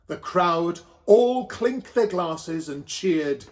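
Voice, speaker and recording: Camp Welsh storyteller, high voice. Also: male voice, animated, very slow, few pauses. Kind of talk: comic storytelling.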